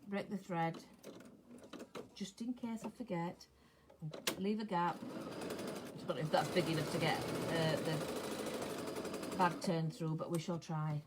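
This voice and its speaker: A woman's voice: fairly low pitch, fairly even intonation, takes it slowly, long pauses. Chatty older woman sewing. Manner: chatty, talks to herself while she works, drops to soft mutters. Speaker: sewing vlogger. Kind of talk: casual chat while sewing. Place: home sewing room. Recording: clear sewing machine noise behind.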